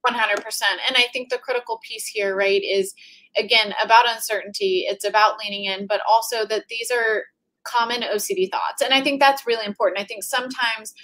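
A woman's voice: on the high side, steady tone, a little fast, bright, forceful tone. A woman moderating an online panel, upbeat and affirming as she reads out audience questions.

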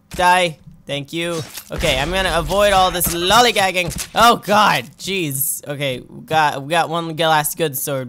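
A gamer host giving let's play commentary, excitable, yelping and laughing at deaths and talking to the characters on screen. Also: medium pitch. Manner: playful, talks to the game characters. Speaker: gaming channel host.

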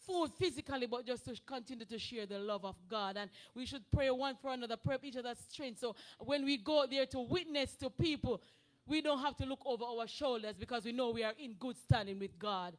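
A woman's voice: on the high side, brisk. A woman giving a heartfelt, earnest testimony to a church congregation. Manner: earnest, fervent, calls to worship. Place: church sanctuary.

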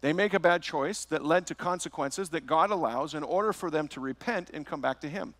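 A man's voice: fairly high pitch, a little fast, fairly bright tone, dry recording. A man preaching a verse-by-verse sermon as pastor, telling a personal story with rhetorical questions.

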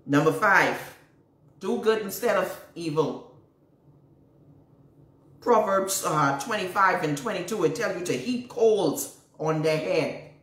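A Bahamian prophetess preaches emphatically to her viewers and answers their questions, repeating herself and quoting scripture. Her voice is lowish and slow, with frequent pauses. The mic sounds distant and the space roomy.

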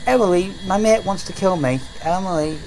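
A woman's voice: on the low side, brisk, a little mellow, slight background noise. A woman with a British accent, bantering and joking in casual talk while streaming a ghost-hunting game. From Britain. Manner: joking, cheeky, mock-pleading.

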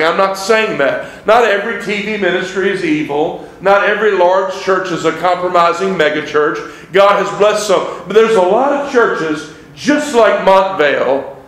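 A man's voice: sits high, fairly bright tone. A man preaching a revival sermon as a visiting evangelist, fervent and conversational, reading scripture in old-style wording. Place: church sanctuary. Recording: echoey church sanctuary.

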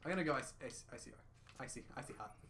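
A man's voice: mid-range voice, animated, rapid-fire, sharp tone. Young man, guest gamer, nervous, self-mocking, faint background noise. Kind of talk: casual gaming chat.

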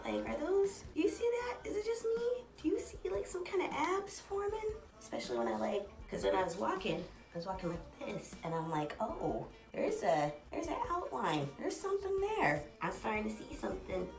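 A woman in her late twenties chatting casually at home as a vlogger, full of fillers and quick laughs. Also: medium pitch, expressive, vocal fry, a little mellow, soft background music. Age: late 20s. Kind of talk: casual vlog chat.

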